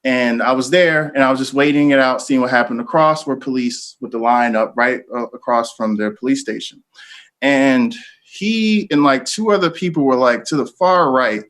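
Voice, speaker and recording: A man's voice: mid-range voice, normal speed, a bit bright. A young man, a photographer, talking casually and earnestly about his work, with lots of fillers. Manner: loose, filler-heavy, earnest. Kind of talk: casual gallery talk.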